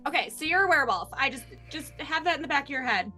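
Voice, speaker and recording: Bright, high-voiced woman player. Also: animated, fast talker, soft background music. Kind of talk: tabletop game play.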